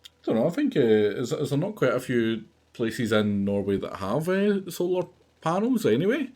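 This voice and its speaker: A man's voice: medium pitch, sing-song, normal speed, a little mellow. A man chatting casually while streaming a factory game, musing with many fillers. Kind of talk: casual gaming chat.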